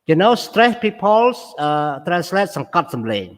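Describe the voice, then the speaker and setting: Guy teaching english, reads out example lines then explains, kinda high voice, lots of ups and downs. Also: animated, fast. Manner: reads example sentences aloud then explains stress in Khmer. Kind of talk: classroom lesson mixing English and Khmer. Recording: long reverb in the room.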